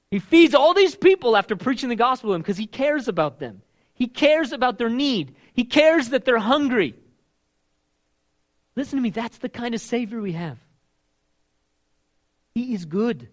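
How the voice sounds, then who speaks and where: A young man preaching a casual, conversational sermon, emphatic and swinging between loud and hushed delivery. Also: extremely high pitch, big pitch swings, unhurried, long pauses.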